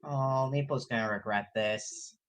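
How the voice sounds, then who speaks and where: A woman's voice: rumbling low, a little slow, voice pushed down. A woman voicing a cowardly male adventurer who talks about himself in the third person and wails when he pleads. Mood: sheepish.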